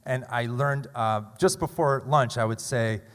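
Animated man telling a story on stage. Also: medium pitch, unhurried. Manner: animated, self-deprecating, rising to loud bursts. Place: large theater stage. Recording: long hall reverb.

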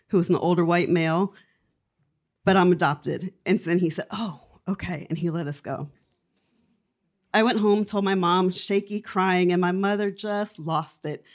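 A woman telling her own life story to a live audience in a candid, wry, conversational way. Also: lowish voice. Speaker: storyteller on stage.

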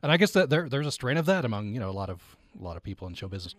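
Lively-voiced radio host man. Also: mid-range voice, racing, dry recording, clean studio sound. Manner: easygoing, chuckling, stammers a little. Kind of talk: radio interview.

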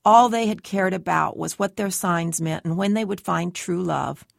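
Woman reading a story out loud, low and really creaky, dry close sound. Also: moderate pace, no room sound. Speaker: audiobook narrator. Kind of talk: first-person novel narration.

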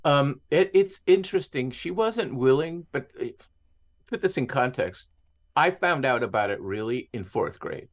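A man's voice: mid-range voice, expressive, normal speed, highs cut off. A man telling stories as an interview guest, reflective and conversational, slipping Spanish words into his English. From Mexico and San Diego. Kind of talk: conversational storytelling.

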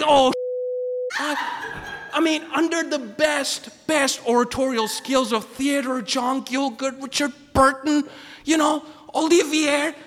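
A man telling a personal story in an animated, comic way, often restarting his sentences. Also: very high voice, in a large hall.

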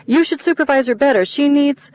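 A woman's voice: medium pitch, a little fast, a little hiss or hum, lightly acted. A woman reading aloud, voicing a pushy sister who lectures her sibling. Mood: bossy. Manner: scolding, pushy. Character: bossy lecturing older sister.

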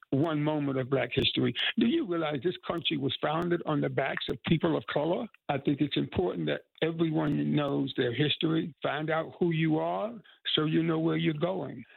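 An elderly man in his eighties, from North Carolina, speaks earnestly in an interview. His voice is heavily gravelly and husky, with a slightly raised pitch. It comes through a tinny, phone-like line. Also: no echo. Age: 80s. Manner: earnest, heartfelt storytelling. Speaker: musician and activist.

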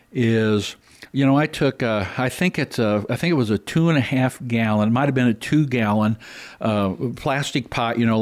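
Folksy rambling man talking gardening. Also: medium pitch. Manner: rambling, folksy, many fillers and restarts. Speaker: gardening show host. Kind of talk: casual gardening talk.

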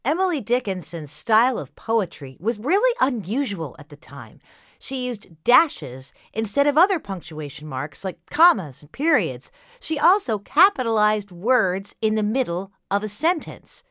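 A woman's voice: medium pitch, big pitch swings, unhurried, pushed and bright, no echo, clean studio sound. A woman hosting a children's classical music podcast, explaining things simply and cheerfully to young listeners. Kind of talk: scripted kids' podcast narration.

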